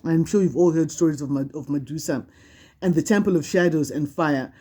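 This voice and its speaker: A woman's voice: deep voice, a little fast, mellow, breathy edge. A woman doing a spiritual card reading to camera, speaking in a conversational, emphatic way, often repeating herself and restarting sentences. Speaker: tarot card reader.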